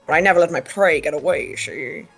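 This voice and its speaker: Casting: a woman playing a low, clipped, cocky gangster hitman. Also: a little fast, gravelly, husky, soft background music, full character voice. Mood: menacing. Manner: clipped tough-guy drawl, ends lines with "see". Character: old-time gangster hitman, cocky, nearsighted.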